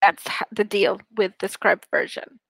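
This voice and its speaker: Animated young woman retelling a story. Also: medium pitch, unhurried, vocal fry, dry recording, rough recording. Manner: animated storyteller, frequent restarts and fillers. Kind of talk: casual chat retelling a book plot.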